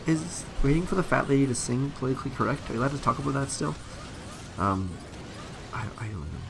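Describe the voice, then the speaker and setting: A young man rambles through a game live stream in a loose, easygoing way, full of ums and restarts. His voice has a gravelly edge, and a clear layer of noise sits under the recording. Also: medium pitch. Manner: rambling, relaxed, many fillers and restarts. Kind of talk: casual live-stream commentary while playing.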